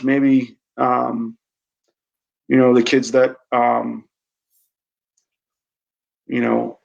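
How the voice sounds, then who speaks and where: A man, an army veteran guest on a podcast, speaking candidly and haltingly, often restarting his sentences. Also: mid-range voice, gravelly, dull audio. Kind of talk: candid interview conversation.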